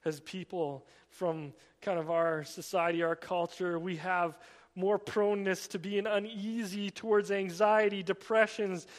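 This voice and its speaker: A man preaching a sermon, swinging between emphatic raised passages and quiet, drawn-out emphasis. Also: high voice, fairly even intonation, in a large hall. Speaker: pastor.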